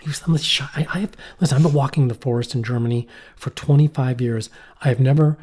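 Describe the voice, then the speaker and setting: Give me a middle-aged man rambling through stories in casual podcast chat, mid-pitched. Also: steady tone, quick pace, darkish tone. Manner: rambling storyteller, swears, acts out quotes. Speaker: podcast co-host. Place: cold shack.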